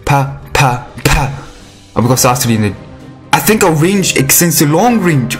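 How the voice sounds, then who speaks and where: A man giving live commentary on a mobile game, excitable and chatty with his viewers, breaking into squealing outbursts. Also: fairly high pitch, moderate pace, soft background music. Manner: pleading and chatty toward viewers.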